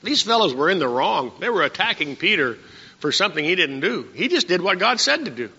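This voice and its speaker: A man's voice: high-pitched, sing-song, brisk, bright, forceful tone, breathy edge. An older man preaching a sermon as pastor, folksy and talking directly to members of his congregation. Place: church sanctuary. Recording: dull lo-fi recording with long hall reverb.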